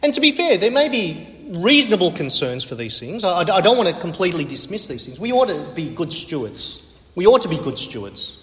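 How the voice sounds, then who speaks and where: Male preacher, high-pitched, emphatic and repetitive, big reverberant hall. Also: big pitch swings, a little fast, fairly bright tone. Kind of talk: sermon. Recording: echoey hall with long reverb.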